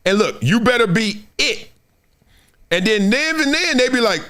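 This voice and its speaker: Middle-aged compton guy hosting a sports stream, high voice, lots of laughs, acts out the quotes. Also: moderate pace, clear, resonant tone. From Compton, Los Angeles. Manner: animated, plays out quoted voices, laughs often. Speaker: sports show host. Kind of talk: animated live-stream sports talk.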